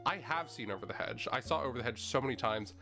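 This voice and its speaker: A man's voice: mid-range voice, lively intonation, fast, creaky, sharp tone. A man streaming a video game, reading its text aloud and rambling in a casual, chatty way with plenty of "like" and mild swearing. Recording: faint game music underneath.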